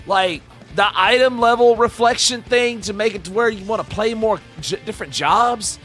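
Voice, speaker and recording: A live-streamer reacting to game announcements talks to his chat at normal speed in a bright, forceful voice a little above typical male pitch, swearing freely and shouting with hype. Between loud whoops he drops into quieter, heartfelt asides, with faint music playing in his home streaming room.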